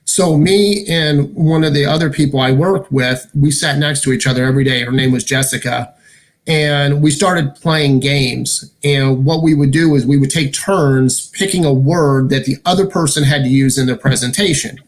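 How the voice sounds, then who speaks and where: A man chatting as a guest, telling stories in a lively, rambling way. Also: mid-range voice, normal speed. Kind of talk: casual chat.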